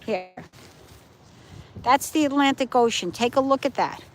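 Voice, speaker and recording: A woman's voice: high-pitched, measured pace, a little hiss or hum, low-quality recording. A middle-aged woman chatting casually to livestream viewers on her phone while walking her dog by the ocean at night. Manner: chatty, points things out to viewers. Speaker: livestream host. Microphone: phone held while walking.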